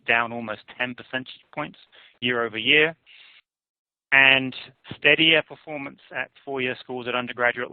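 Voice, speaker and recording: A man giving a measured, analytical conference presentation on survey findings. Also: medium pitch, no room sound. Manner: measured, analytical, hedges with "I would argue". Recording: tinny phone-like dry audio.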